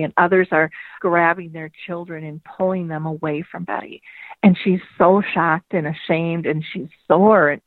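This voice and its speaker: A woman, a dementia advocate, telling a parable with measured, drawn-out phrasing over a phone line. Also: lowish voice, dry recording. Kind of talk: storytelling parable. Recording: dry tinny phone-line sound.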